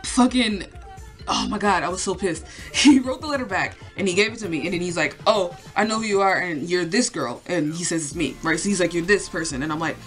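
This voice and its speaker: A woman's voice: fairly low pitch, fairly quick. Young woman, casual storytime vlog, rambling, lots of swearing and fillers, faint music underneath. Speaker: vlogger.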